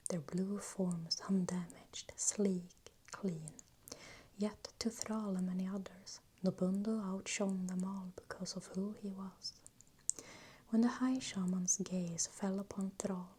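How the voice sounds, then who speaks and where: Whispered role-play: woman reader, close mic, dark mellow whisper, faint hiss underneath. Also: mid-range voice. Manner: soft, unhurried reading. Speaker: ASMR reader. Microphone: new microphone, close.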